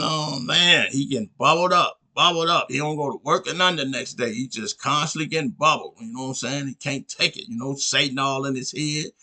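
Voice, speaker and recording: Gravelly rambling male storyteller. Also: medium pitch, pushed and bright. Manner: rambling, constantly asks "you know what I'm saying". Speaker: podcast host. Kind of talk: casual storytelling.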